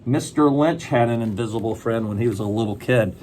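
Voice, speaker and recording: A man's voice: mid-range voice, brisk, darkish tone, a little hiss or hum. A man reading a picture book aloud to children, chatting and asking them questions as he goes.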